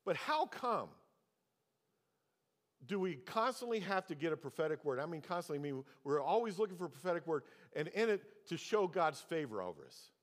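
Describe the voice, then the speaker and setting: Older male pastor preaching, lively pitch. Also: fairly quick. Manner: storytelling, acts out dialogue with pitch jumps. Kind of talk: sermon. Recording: long hall reverb.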